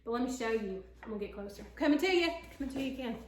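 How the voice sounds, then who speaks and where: A woman's voice: on the high side, expressive, rapid-fire, reverberant, heavy background noise. A woman with a Southern American accent, chatting folksily to viewers in a casual cooking vlog from her home kitchen. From Tennessee. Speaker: home cook.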